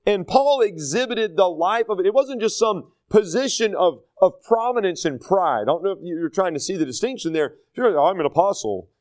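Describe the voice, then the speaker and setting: High-voiced earnest man teaching scripture. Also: animated, moderate pace, few pauses, a little mellow. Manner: earnest, plain-spoken, with many fillers and restarts. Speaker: pastor teaching a Bible study. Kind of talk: conversational Bible teaching.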